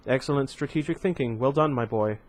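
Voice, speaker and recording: A man's voice: mid-range voice, fairly quick, lightly acted. Casting: a man reading as a composed, condescending imperial commander, audiobook-style storybook voice. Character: cold, composed older male imperial commander.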